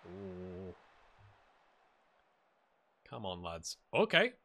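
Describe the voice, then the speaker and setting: A man hosting a let's-play video, giving casual and excitable commentary as he plays and talking straight to the viewers and the players on screen. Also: sits low, extremely slow. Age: adult. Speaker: gaming channel host.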